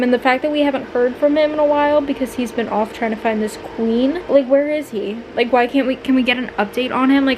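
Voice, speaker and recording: A woman talking in a casual reading vlog, gushing and excitable, with lots of filler words. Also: a little high, noisy background. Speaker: book vlogger.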